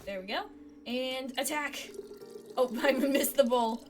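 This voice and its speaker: A woman commentating her own playthrough of a cozy fantasy tavern game, talking her way through each puzzle and cheering when it works. Her voice sits fairly high. Soft game music runs underneath her talk. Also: slow pace, long pauses. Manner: excitable, chatty, thinking aloud. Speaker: game streamer. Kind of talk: let's play commentary.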